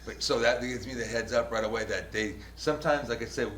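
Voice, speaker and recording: A man hosting a show, telling a story in a casual, profane and animated way. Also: mid-range voice, a little fast, background noise. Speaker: show host and news videographer.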